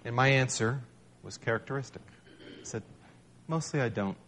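A man's voice: mid-range voice, brisk, pauses often, a bit bright, a little hiss or hum. A man giving a storytelling talk in front of an audience, sharing a personal testimony in a conversational, wry, self-deprecating way.

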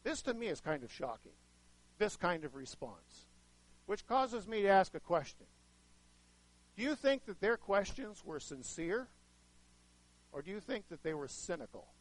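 A man preaching a sermon to a live audience, chatting with them and asking questions, with sudden swings in loudness as he acts out voices. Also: high voice, big pitch swings, unhurried, pauses often, low-quality recording. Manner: conversational, asks the audience questions; dramatic shifts in loudness, acts out quoted voices.

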